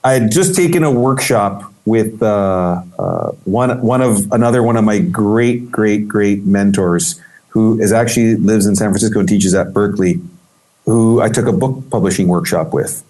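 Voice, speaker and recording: Animated male interview guest. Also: lowish voice, normal speed. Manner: animated, acts out quoted voices, many restarts. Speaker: guest photographer. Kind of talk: casual storytelling interview.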